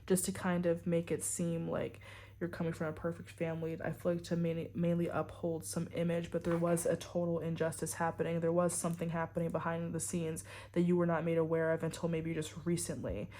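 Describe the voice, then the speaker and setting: A woman's voice: on the low side, steady tone, fairly quick, dark tone. A woman giving a casual tarot reading to her viewers, rambling and full of "like" and "you know". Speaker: tarot reader.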